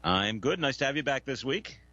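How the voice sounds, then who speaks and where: A man hosting a casual morning radio panel show, friendly and quick to laugh. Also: medium pitch, expressive, noisy background. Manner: friendly, laughs easily, fills with uh. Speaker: radio host. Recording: dull, lo-fi radio sound.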